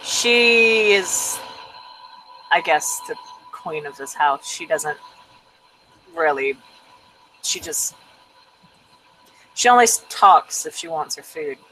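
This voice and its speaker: Low-key, hesitant male pet owner played by a woman, fairly low voice, some background noise. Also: lively intonation, takes it slowly, long pauses, sharp tone, full character voice, low-quality recording. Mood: wry. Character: quiet, dry-humored man who owns pets.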